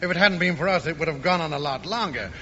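An actor playing an affable old American war veteran with an American accent, polite but defensive. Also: male voice, fairly high pitch, expressive, fast talker, pushed and bright, long reverb tail, lo-fi sound, slight background noise.

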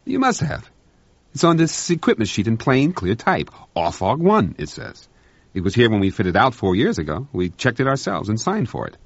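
A man voicing a harried, exasperated ship's officer, insistent and brisk, on a dull, dry lo-fi recording. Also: medium pitch, wildly swooping pitch, husky, no room sound, voice pushed up, heavily acted.

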